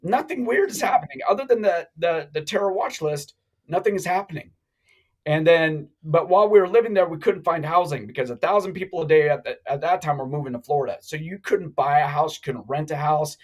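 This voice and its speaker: A middle-aged man telling a long story on a live talk show, animated and rambling, with many restarts. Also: on the high side, fairly quick, poor audio. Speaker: guest.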